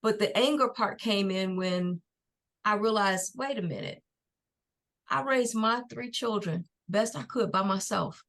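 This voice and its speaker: A middle-aged woman sits in as a guest on a podcast interview, sharing a personal testimony of faith. She speaks earnestly and without hurry, in a voice of ordinary middle pitch for a woman. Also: vocal fry, a bit bright. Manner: earnest, faith-filled, unhurried storytelling. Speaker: guest, nonprofit founder.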